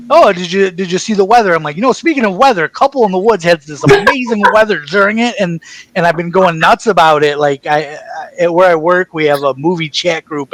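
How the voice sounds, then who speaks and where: A man guest chatting in an interview, telling stories in an excited, rambling way and acting out the back-and-forth of conversations. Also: fairly high pitch, low-quality recording. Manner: excited, rambling storyteller, acts out quoted exchanges. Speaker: actor guest. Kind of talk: casual interview chat.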